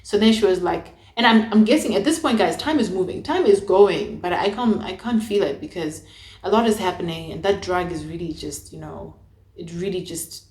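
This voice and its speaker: A woman's voice: moderate pace, darkish tone. A young woman telling a personal story to camera in a chatty, dramatic way. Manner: chatty, dramatic, acts out her own past lines with big pitch jumps. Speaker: vlogger. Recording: echoey room.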